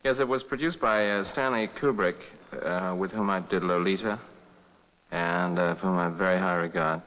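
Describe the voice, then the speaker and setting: A middle-aged English actor being interviewed, chatting in a playful, easy-going way. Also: male voice, deep voice, steady tone, a bit bright. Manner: chatty, playful, light and quick. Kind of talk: archival film-set interview. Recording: reverberant 1960s archive interview.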